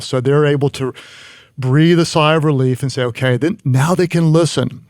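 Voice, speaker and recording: A man's voice: on the high side, steady tone, moderate pace, a little mellow, no echo, clean studio sound. A man giving earnest leadership advice in conversation, often restarting his sentences. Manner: earnest, frequent restarts and stammers. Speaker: guest.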